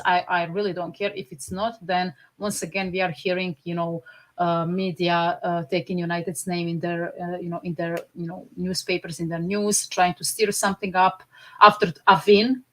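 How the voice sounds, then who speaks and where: Woman, Slavic-born, fan podcast co-host; blunt, temperamental, quick to laugh. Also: on the low side, steady tone, fairly bright tone. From Slavic country. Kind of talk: casual chat.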